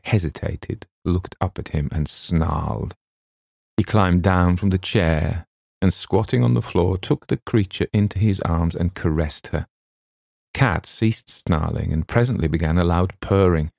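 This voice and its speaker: A man narrates an audiobook in a very deep voice with a gravelly edge. His delivery is measured and somber, with a dark, mellow tone. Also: dry recording, studio quality.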